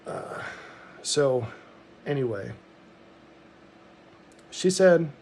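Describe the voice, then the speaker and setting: A man's voice: on the high side, animated, extremely slow, darkish tone, slight background noise. A middle-aged man from Montana telling a personal story in a rambling, reflective monologue, full of ums and restarts.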